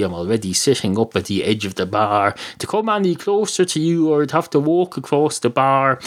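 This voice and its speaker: A man's voice: fairly low pitch, lightly acted. A man doing a prim, rambling humanoid cat. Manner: rambling, fussy, overly courteous. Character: polite upright humanoid male cat bar customer.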